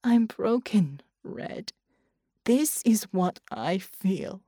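A woman's voice: medium pitch, lively intonation, drawn-out words, mellow, no echo, studio quality. A woman voicing a fierce, anguished young woman fighter who snarls and then drops to a choked whisper, in an audiobook.

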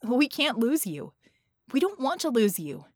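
Audiobook figure: narrator reading as an earnest young heroine, close dry recording. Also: female voice, fairly high pitch, big pitch swings, a little slow, no room sound, voice pushed up. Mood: urgent.

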